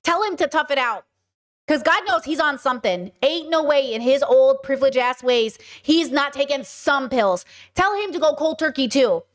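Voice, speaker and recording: Blunt high-voiced woman ranting. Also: animated, moderate pace. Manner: blunt, profane, rambling asides. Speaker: podcast host reacting to news clips. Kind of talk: casual commentary.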